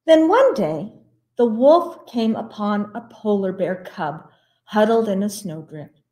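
A woman librarian reads a children's picture book aloud for story time. She takes it slowly and expressively, giving each line room. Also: mid-range voice. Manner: slow, expressive read-aloud.

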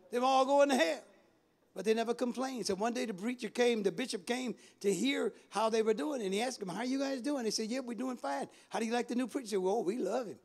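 A bishop preaching a Bible study sermon, swinging between loud calls and low drawn-out phrases and calling out to the congregation. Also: male voice, creaky.

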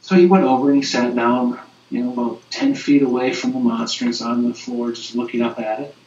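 Earnest male moderator, halting delivery, distant roomy lo-fi recording. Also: mid-range voice, darkish tone. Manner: earnest, halting with frequent restarts. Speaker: webinar moderator and youth minister. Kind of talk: conversational storytelling. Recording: distant, roomy, dull lo-fi webinar audio.

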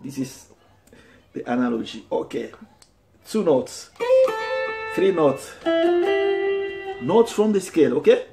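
A man's voice: a little high, big pitch swings, slow, gravelly, pauses often. A man teaching a guitar lesson, explaining step by step with frequent fillers and restarts. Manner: explains step by step, switching between English and French, with many fillers. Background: guitar playing.

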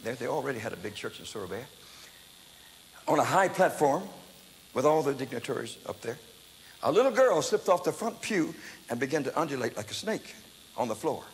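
An older man preaching a testimony sermon, telling his story in an animated, dramatic way that breaks into loud exclamations. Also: mid-range voice, brisk, long pauses. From United States. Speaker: evangelist preacher. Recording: echoey hall, faint background noise.

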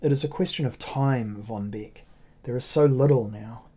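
A man's voice: medium pitch, moderate pace, mellow, husky, close to an everyday voice. A man reading as a stern, imperious noblewoman. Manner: curt, imperious lines. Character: commanding noblewoman, cold and ruthless. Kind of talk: audiobook character reading.

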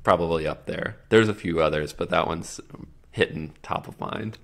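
Low creaky-voiced man, easygoing guest. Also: normal speed, a little hiss or hum. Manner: easygoing, thinks aloud with many fillers. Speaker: podcast guest. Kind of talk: casual interview chat.

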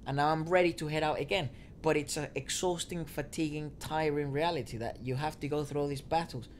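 A man co-hosting a casual chat, slowly working through his thoughts with restarts and asides. Faint noise sits under a rough recording. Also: a little high, fairly even intonation. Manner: thoughtful, explains at length with restarts. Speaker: co-host. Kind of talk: casual chat reacting to music. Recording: faint noise, audio trouble said.

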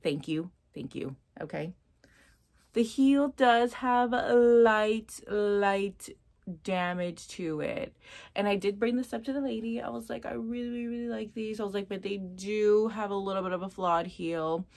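A young woman chatting casually through a thrift haul, excitable and full of filler words. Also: mid-range voice, a little slow, vocal fry.

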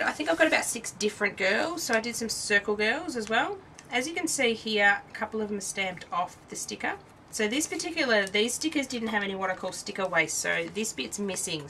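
A tired Australian woman hosts a casual craft show-and-tell, rambling chattily and cutting herself off mid-sentence. Her mid-range voice sounds pushed and bright, captured far from the mic on a low-quality recording with slight background noise.

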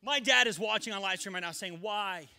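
Bright-voiced, excitable male preacher. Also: high-pitched, fast talker, creaky, a little hiss or hum. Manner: excitable, acts out scenes with shouts and sound effects. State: winded. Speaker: pastor. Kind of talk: animated comedic sermon. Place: church sanctuary.

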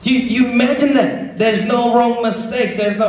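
High-voiced Indonesian-accented pastor preaching. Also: male voice, moderate pace. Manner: animated storytelling with frequent restarts. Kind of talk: sermon. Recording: very echoey church with faint noise.

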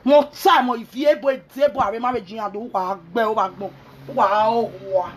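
A woman's voice: on the high side, normal speed, a little hiss or hum. A Nigerian woman vlogger ranting angrily and scolding, mixing in pidgin. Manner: angry, scolding, mixes pidgin and Yoruba. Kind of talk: angry rant.

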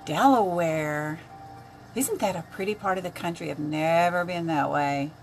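A woman's voice: on the low side, measured pace, faint music behind. Older woman chatting through a makeup live. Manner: chatty, greets viewers by name while applying makeup. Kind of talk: casual live-stream chat.

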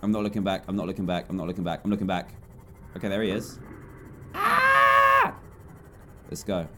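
A young Englishman in his twenties, a gaming YouTuber, keeps a steady tone while racing through commentary on his own gameplay. He's chatty and jumpy, swinging from low mutters to loud yelps, with background noise in the clip.

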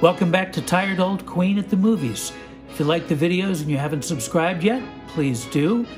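A man's voice: high voice, moderate pace, soft background music. A man announcing the opening of a show in a friendly, upbeat manner. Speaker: channel announcer. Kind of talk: show intro.

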